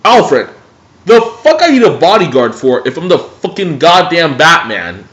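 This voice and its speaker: A man's voice: fairly high pitch, sing-song, a little slow, a bit bright, echoey room, pitched above the performer's own voice. A man putting on a brash grown male superhero who curses in exasperation. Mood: indignant. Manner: profane, exasperated.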